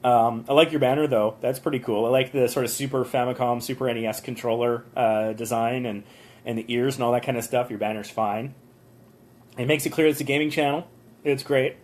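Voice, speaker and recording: A man's voice: medium pitch, fairly even intonation, brisk, darkish tone. A man hosting a live stream from a motel room on his phone, chatting loosely through viewers' channel reviews with lots of ums and the odd rant. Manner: chatty, rambling, with frequent ums and small rants. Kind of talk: casual live-stream commentary.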